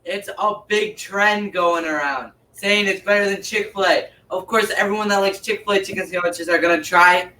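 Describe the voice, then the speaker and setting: A man's voice: sits high, normal speed, few pauses, pushed and bright. A man, the host's son, chiming in from off-mic to correct his father in a chatty way. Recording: roomy, distant, faint room noise.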